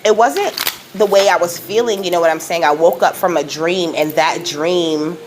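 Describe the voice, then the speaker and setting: A woman hosting her own spiritual channel, talking casually and emotionally, filling every pause with "you know" and "okay?". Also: fairly low pitch, noisy background. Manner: rambling, says "you know" and "okay?" constantly, laughs often; emotional, close to tears at times. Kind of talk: casual spiritual vlog talk.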